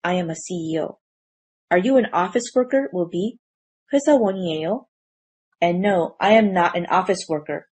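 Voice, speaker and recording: A woman teaching a language grammar lesson in scripted narration, explaining clearly and reading out example sentences in a measured way. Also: lowish voice, darkish tone.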